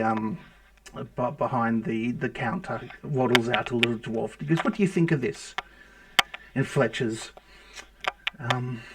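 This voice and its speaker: A man narrating as the game master of a tabletop game, halting, with many fillers and restarts. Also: medium pitch, heavy background noise.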